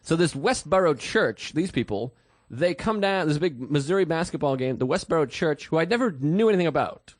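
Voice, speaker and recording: A man's voice: a little high, a little fast, no echo. Profane storytelling comedian man. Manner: profane, animated storyteller who bursts into shouted quotes. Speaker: podcast host.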